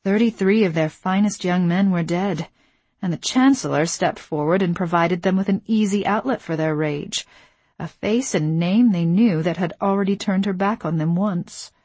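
A woman voicing a steely young woman who talks quietly and close to breaking. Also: lowish voice, normal speed, no room sound, close to an everyday voice. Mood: weary. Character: steely young woman confessing her past.

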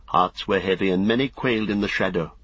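A man narrating a story in a measured, solemn way. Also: deep voice, a bit bright, breathy edge, dry recording, muffled recording. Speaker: audiobook narrator. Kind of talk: scripted narration.

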